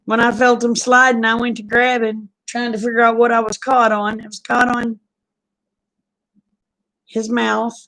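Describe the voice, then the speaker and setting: A woman, chatting casually with viewers on a livestream, folksy and quick to laugh. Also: on the high side, level tone, a bit bright, rough recording. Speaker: livestream host.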